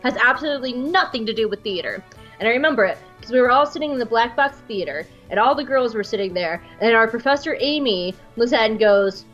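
A young woman with a slightly high voice tells a story in an animated, rambling way, full of fillers and restarts. The recording sounds dull and lo-fi, with faint music underneath. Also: fast talker. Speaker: podcast co-host. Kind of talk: casual storytelling chat.

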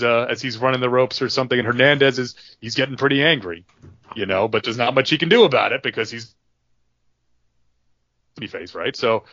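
A man's voice: medium pitch, a bit bright, no echo. A male podcast host tells a long story in casual, rambling talk, full of fillers and restarts. His voice sits in a middle register, and the audio is dry and a bit dull.

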